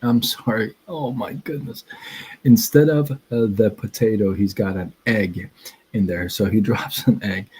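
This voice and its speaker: A man hosting a casual livestream, telling a story in a rambling, halting way and breaking off to greet his chat. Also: on the low side, fairly even intonation, darkish tone, husky, rough recording. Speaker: livestream host.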